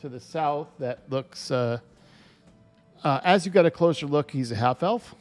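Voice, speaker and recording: Game master guy, kinda high voice, lots of uh and restarts, faint music. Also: a little mellow. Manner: halting, filler-heavy. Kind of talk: narrating and voicing a tabletop game.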